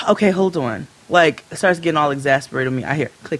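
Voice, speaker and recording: A woman co-hosting a podcast, telling a story in a casual, profane and animated way and acting out both sides of it. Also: a bass voice, moderate pace, a little hiss or hum. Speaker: podcast co-host.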